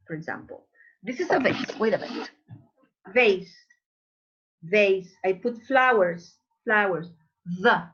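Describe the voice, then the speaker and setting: Slow, husky-voiced woman teaching English. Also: mid-range voice, a bit bright, dull audio. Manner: demonstrates sounds slowly, repeating words. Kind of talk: online class lesson.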